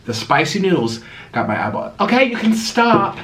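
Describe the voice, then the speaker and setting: A man chatting casually through a mukbang eating vlog, dramatic and swinging between low mumbles and excited yelps. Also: normal speed, a little hiss or hum. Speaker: mukbang vlogger.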